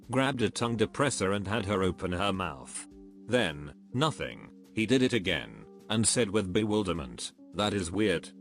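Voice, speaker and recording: A man narrating a series of reader-submitted stories in a steady, even, scripted reading. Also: on the low side. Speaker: narrator reading online posts. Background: faint background music.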